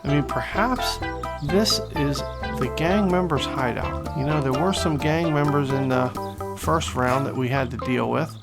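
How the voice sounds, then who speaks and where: A man giving excitable, playful gameplay commentary as host of his gaming channel. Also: on the high side. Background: loud game music.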